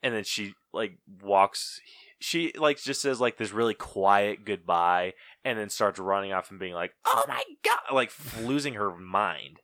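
A man's voice: fairly low pitch, unhurried, fairly bright tone, no room sound. A man co-hosting a podcast in casual chat, ranting with profanity and mockingly acting out movie lines. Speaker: podcast co-host.

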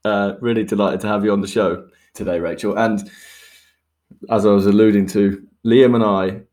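A man's voice: lowish voice, fairly even intonation, normal speed, a little mellow. A man hosting a podcast in casual chat, joking and laughing often and repeating words as he goes. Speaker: podcast host.

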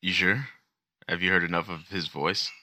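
A man's voice: deep voice, steady tone, moderate pace, bright, forceful tone, dry recording, studio quality. A man co-hosting a podcast, joking and teasing in casual chat. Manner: playful, teasing banter. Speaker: podcast co-host.

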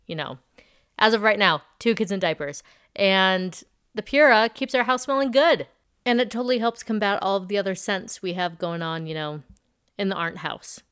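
A chatty woman in her thirties hosts a podcast with an upbeat, bubbly delivery. Her voice sits a little low, smooth and clear, recorded close on a studio mic with a dry sound. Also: a bit bright, no echo. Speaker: podcast host. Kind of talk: casual podcast chat with host-read ad.

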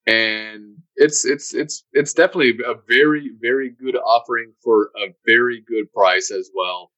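A man's voice: medium pitch, moderate pace, pushed and bright, no room sound, muffled recording. A man co-hosting a podcast in casual chat, often stammering and repeating words. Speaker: podcast co-host.

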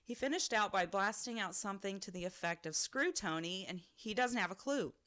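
A woman's voice: mid-range voice, fairly bright tone. A woman co-hosting a podcast, reading listener stories aloud and laughing often as she reads. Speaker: podcast co-host.

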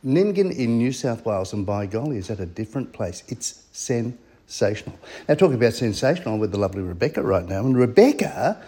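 Aussie bloke hosting a radio chat, gushing and upbeat, voice bouncing all over. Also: male voice, mid-range voice, sing-song, a little fast, warm tone. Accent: Australian. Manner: effusive and upbeat. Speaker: radio host. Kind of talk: casual on-location interview.

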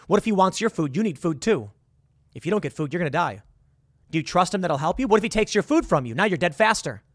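A man's voice: fairly high pitch, no room sound, clean studio sound. A man talking the listener through a hypothetical scenario, earnest and full of rhetorical questions. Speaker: commentator. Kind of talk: casual monologue with hypotheticals.

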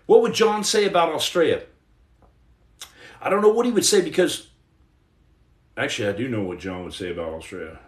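A man's voice: mid-range voice, lively intonation, a little fast, long pauses, reverberant. A man from Texas hosting a podcast, chatting loosely and reading out viewer comments in a rambling, digressive way. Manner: rambling, digressive, lots of "you know what I'm saying". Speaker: podcast host. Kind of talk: casual livestream chat, reading viewer comments.

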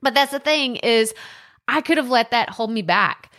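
A woman's voice: a little high, animated, moderate pace, fairly bright tone. A young adult woman with a Texan accent hosting a solo podcast, chatty and self-deprecating, often laughing at herself. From Texas. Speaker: podcast host.

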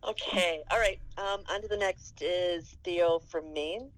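A woman's voice: fairly low pitch, unhurried, dry recording, rough recording. A woman from Wisconsin, a podcast guest reading out listener questions and chiming in with friendly short reactions. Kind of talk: casual chat.

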